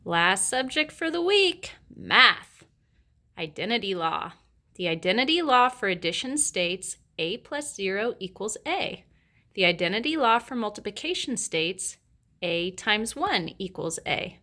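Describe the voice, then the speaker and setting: Bright, lively woman announcing lessons. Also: medium pitch, unhurried. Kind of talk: scripted narration of memory facts.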